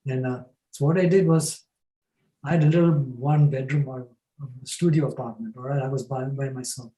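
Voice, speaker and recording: An older man from New Jersey, a panelist, telling a long personal story in a relaxed, anecdotal way with chuckles. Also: mid-range voice, moderate pace, reverberant, poor audio.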